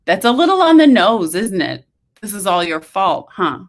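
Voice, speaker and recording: A woman's voice: mid-range voice, big pitch swings, normal speed. A woman voicing a wry young nonbinary evacuee who teases with dry wisecracks, performed in a spoken-word story reading. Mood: wry teasing.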